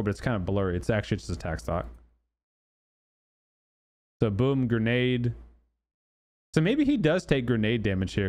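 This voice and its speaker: A man's voice: mid-range voice, darkish tone. A man hosting a gaming channel, talking loosely through game news with many fillers and restarts. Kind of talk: casual commentary on game news.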